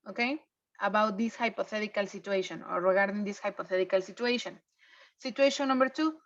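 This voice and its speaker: Brief: woman English teacher, higher voice, patient "okay?" check-ins, muffled online class audio. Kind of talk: online class review lesson. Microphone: video call.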